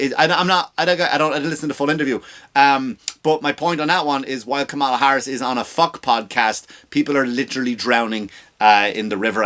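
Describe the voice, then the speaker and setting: Profane ranting comedian podcast host. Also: male voice, mid-range voice, fairly bright tone. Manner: profane, ranting, rambling with restarts. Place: home recording setup with lights.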